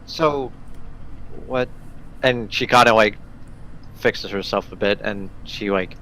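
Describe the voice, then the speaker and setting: Man, game master, low voice, loose filler-heavy narration, tabletop game. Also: slow pace, fairly bright tone, poor audio.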